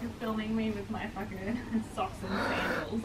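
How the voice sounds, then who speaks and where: A woman's voice: mid-range voice, steady tone, normal speed, far from the mic. An Australian woman chatting casually at home with a puppy, teasing and swearing offhand. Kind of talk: casual chat. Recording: home video with clear background noise.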